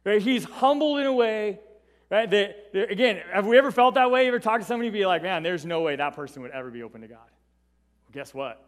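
A man's voice: high voice, fairly bright tone, in a large hall. A man preaching a Bible teaching in a conversational way, often checking in with "right?" as he goes. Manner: conversational, tags points with "right?".

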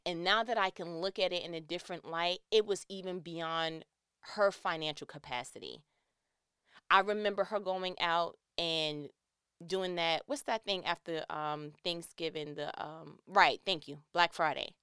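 A woman's voice: fairly low pitch, unhurried, fairly bright tone, smooth, no room sound, studio quality. A woman telling a personal story in a candid, conversational monologue.

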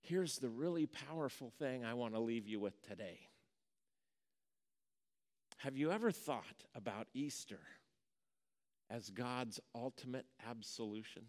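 A man's voice: mid-range voice, lively intonation, a little slow, long pauses. Folksy preacher man in a reverberant hall. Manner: folksy storyteller, swinging from hushed to emphatic. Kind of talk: sermon with storytelling. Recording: long reverb of a large hall.

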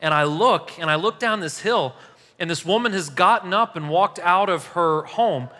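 Bright-voiced pastor in echoey hall. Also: male voice, high-pitched, normal speed. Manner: casual, animated, laughs while telling stories. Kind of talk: sermon storytelling. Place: church hall.

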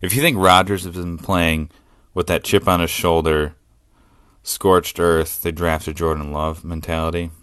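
A man hosting a solo sports podcast, talking excitedly and profanely and laughing often as he rants. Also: low-pitched, unhurried, clear, resonant tone, no room sound, studio quality. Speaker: podcast host.

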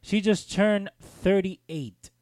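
A man's voice: high-pitched, very slow, a little mellow, no echo, studio quality. A middle-aged man co-hosting a casual podcast, teasing and playful, tossing in Spanish exclamations. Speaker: podcast co-host. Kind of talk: casual wrestling podcast chat.

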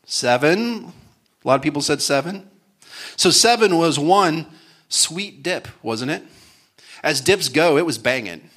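A man's voice: on the high side, animated, a little slow, pauses often, fairly bright tone. A man speaking at a conference, casually and jokily retelling a Bible story, with many fillers. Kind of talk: storytelling sermon.

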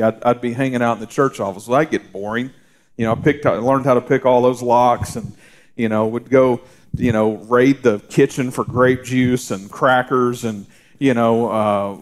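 A middle-aged man, preaching a casual, story-filled sermon with many fillers and restarts, sometimes dropping to a hushed voice. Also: mid-range voice. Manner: drops to a soft, hushed voice for reassurance. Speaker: pastor. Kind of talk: conversational sermon.

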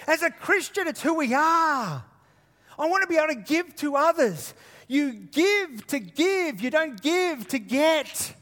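Brief: male preacher from Queensland, very high voice, lively and teasing with the crowd, long hall reverb. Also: unhurried. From Queensland, Australia. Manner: animated, jokey asides to the congregation. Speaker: guest preacher. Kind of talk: sermon. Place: church hall.

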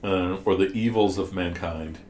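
Deep-voiced man teaching in an echoey room. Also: normal speed, a little mellow, a little hiss or hum. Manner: explanatory, asks the class questions, many restarts. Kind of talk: classroom commentary on scripture. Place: classroom.

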